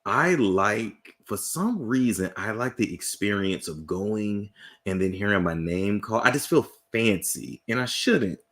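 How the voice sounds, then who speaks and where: A man hosting a casual chat, telling lively stories and laughing often. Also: fairly low pitch, a little slow. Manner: animated storyteller, laughs a lot. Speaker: host.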